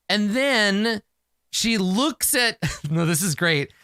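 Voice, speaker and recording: A man's voice: high voice, big pitch swings, a little slow, pushed and bright, dry recording, clean studio sound. A man narrating a solo tabletop game, talking to himself and swearing freely.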